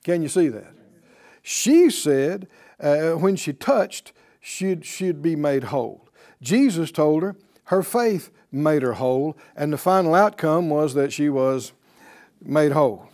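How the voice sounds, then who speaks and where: Animated, slow-spoken male Bible teacher. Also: a little high. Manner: emphatic, repeats key words, asks rhetorical questions.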